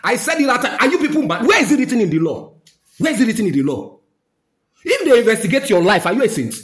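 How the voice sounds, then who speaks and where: A man's voice: sits high, sing-song, fast talker, echoey room. A man with a Nigerian accent giving a fiery, scolding rant to camera, slipping into Pidgin. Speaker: social commentator.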